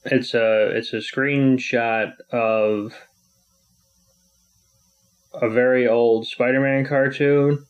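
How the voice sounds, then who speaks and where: A male podcast co-host chatting casually with a dry, sarcastic edge. His pitch sits in an ordinary middle range. The recording sounds a little dull and lo-fi. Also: steady tone, takes it slowly. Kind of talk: casual chat.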